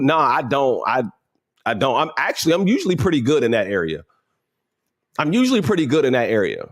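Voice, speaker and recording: A man's voice: mid-range voice, sing-song, quick pace. A man hosting a motivational livestream, talking casually and emphatically, repeating his points and using slang. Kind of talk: animated motivational talk.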